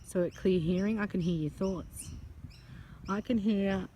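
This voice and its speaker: A woman and psychic channeler, telling a personal story in a chatty, animated way outdoors. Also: mid-range voice, measured pace, a little hiss or hum. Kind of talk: casual storytelling vlog. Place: outdoors among butterflies.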